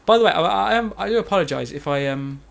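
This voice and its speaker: Fast-talking and creaky, with a higher-pitched voice and lively intonation, a Let's Play commentator narrates his own recorded gameplay. He's chatty and rambling, often joking at his own expense.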